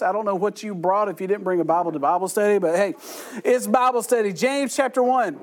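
High-voiced man teaching Bible study. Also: fast. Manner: joking, conversational, self-deprecating asides. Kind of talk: humorous Bible study talk.

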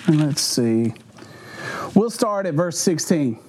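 A pastor's sermon of humorous stories plays over a noisy background, his man's voice on the high side and slow. He's animated, acting out voices and sounds and often laughing while he talks.

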